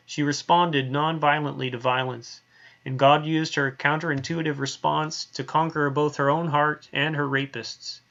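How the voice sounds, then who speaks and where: A man's voice: fairly high pitch, gravelly, fairly bright tone, highs cut off. A man teaching a Bible lesson in a conversational way, often asking "right?" and using fillers. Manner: conversational, many tag questions and fillers. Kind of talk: recorded online lesson.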